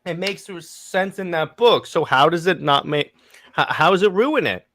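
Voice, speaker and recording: A man's voice: fairly high pitch, moderate pace. Chatty man hosting a comics podcast. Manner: animated, restarts phrases often. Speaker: podcast host. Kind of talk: casual chat.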